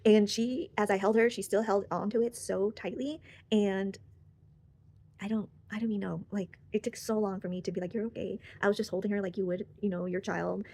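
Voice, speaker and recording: A woman's voice: mid-range voice, fairly even intonation, a little fast, dark tone. A young woman sharing a personal story in casual, rambling talk full of fillers and restarts, recorded close on the mic. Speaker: channel host.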